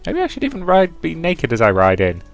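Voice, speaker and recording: Give me a man putting on a boastful heroine's voice for a game read-through, pitched well up and swinging wildly. She talks in a grand, theatrical way and sounds pleased with herself. Faint music sits underneath. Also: huge pitch swings, brisk. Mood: eager. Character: brash bold young adventurer woman. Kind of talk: reading game dialogue aloud.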